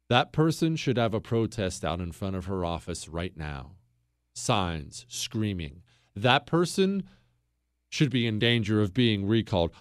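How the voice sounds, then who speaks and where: Fiery talk host, lively pitch swings. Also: male voice, no echo, studio quality. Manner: fiery, emphatic, repeats phrases for punch. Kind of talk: opinionated monologue.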